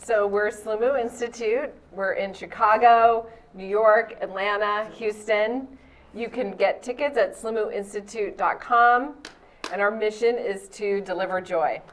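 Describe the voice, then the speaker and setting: A woman's voice: mid-range voice, steady tone, a little slow. A woman guest who talks in an upbeat, promotional way about her business. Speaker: guest, slime business owner. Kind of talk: casual chat.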